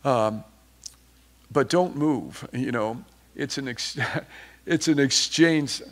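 A man's voice: mid-range voice, slow pace, a bit bright. A man preaching an informal sermon, conversational and rambling with many restarts, turning fervent at times.

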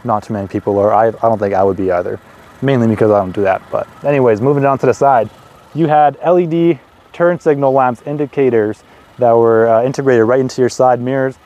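In a lo-fi recording, a man in his twenties walks around a parked car outdoors, reviewing it fairly quickly. He sounds mid-range, excitable and chatty, making casual asides along the way.

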